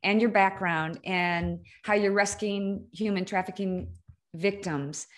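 A woman's voice: medium pitch, steady tone, slow, fairly bright tone. A woman hosting an interview, engaged and affirming toward her guest. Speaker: podcast host. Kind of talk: conversational interview.

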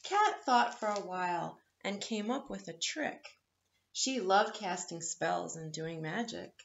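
A woman reading a picture book aloud to children at story time, in a gentle, playful storyteller's manner. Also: mid-range voice, lively intonation, slow, gravelly, slight background noise. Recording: echoey, slightly dull room.

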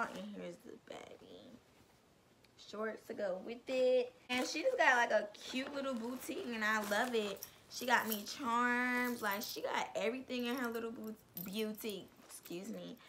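A woman's voice: on the high side, a bit bright. Young woman gushing thru an unboxing vlog, bubbly, slangy, says like a lot, faint hiss. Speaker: vlogger.

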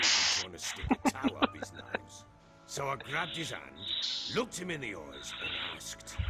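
An actor playing a boastful middle-aged warlord baron in a video game, blustery and coarse as he tells his stories. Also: mid-range voice. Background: game music.

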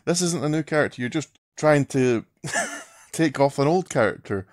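A man's voice: on the high side, animated, normal speed, no echo, studio quality. A man in a casual rant to camera, mocking and swearing a lot, laughing through his words. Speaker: vlogger.

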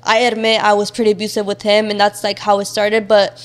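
A woman's voice: mid-range voice, monotone, fairly quick. A young woman speaking candidly as a guest in a casual interview, talking openly with many fillers. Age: young adult. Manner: casual and open, many fillers, near tears at times.

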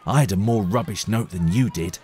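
A man's voice: fairly low pitch, a little fast, mellow, lightly acted. A man voicing a sulky, rude schoolboy in a storybook reading. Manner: sulky, hissing.

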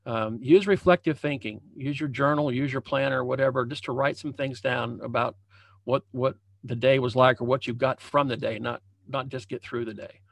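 A man's voice: medium pitch, steady tone, moderate pace, creaky, no echo. A man, a leadership coach, giving a motivational talk over a video call. He speaks conversationally from a home room, repeating phrases and restarting often. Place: home room with a banner hung as backdrop.

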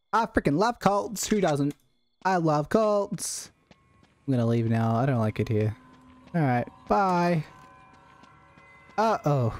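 A gaming channel host giving excitable, jokey commentary while playing a horror game. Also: mid-range voice. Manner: excitable, jokey, reacts out loud. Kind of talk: let's-play commentary. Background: game music.

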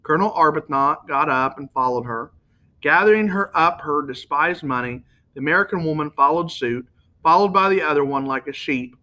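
Bright-voiced man reading a novel aloud. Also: on the high side, moderate pace. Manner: reads with small slips and self-corrections. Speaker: audiobook reader.

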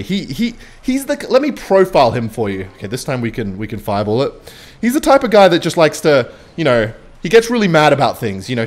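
Young man, casual gameplay commentary, rambling storyteller, lively pitch, mid-range voice. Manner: chatty, rambling, switches between game calls and anecdote. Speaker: gaming video creator.

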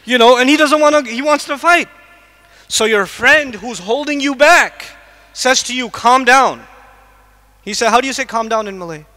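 A man's voice: very high voice, normal speed, pushed and bright. A man giving a lecture to a live audience in a large mosque hall, quizzing the listeners with repeated questions. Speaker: Islamic lecturer. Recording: long echo of a mosque hall.

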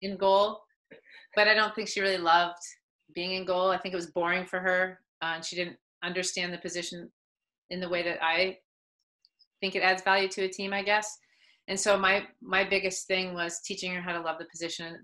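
Bright-voiced woman coach telling stories. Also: lowish voice, normal speed, poor audio. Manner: animated, acts out quoted people. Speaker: soccer head coach, interview guest. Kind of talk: casual interview, storytelling.

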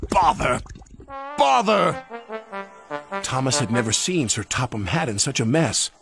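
A man narrating a children's story with a lively, expressive reading. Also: mid-range voice, a little fast, over music.

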